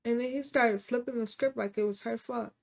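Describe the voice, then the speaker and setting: A woman's voice: a little high, steady tone, a little fast, vocal fry, a little mellow. A woman casually retelling a dramatic story in chatty, slangy speech with frequent restarts.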